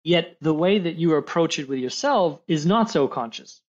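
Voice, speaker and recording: A man's voice: a little high, lively intonation, moderate pace. A man coaching over dull lo-fi audio. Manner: gentle, acts out quoted voices. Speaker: high-performance coach. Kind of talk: coaching conversation.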